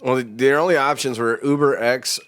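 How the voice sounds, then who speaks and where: A man of middle pitch co-hosts a casual talk podcast. He tells rambling stories and laughs easily as he goes. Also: fairly even intonation, moderate pace, fairly bright tone. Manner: rambling storyteller, laughs often. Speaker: podcast co-host. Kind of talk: casual chat.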